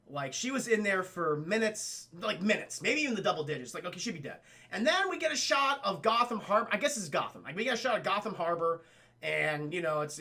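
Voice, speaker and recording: A man's voice: sits high, bright, forceful tone. A young man doing a profane, rambling film review for his stream chat, often addressing chat directly. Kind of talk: casual spoken film review.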